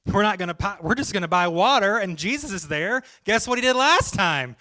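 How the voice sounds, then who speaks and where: Bright-voiced preacher telling jokey stories. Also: male voice, high voice, expressive, a little fast, hardly any pauses. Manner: conversational, jokey storytelling. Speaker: pastor. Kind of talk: sermon.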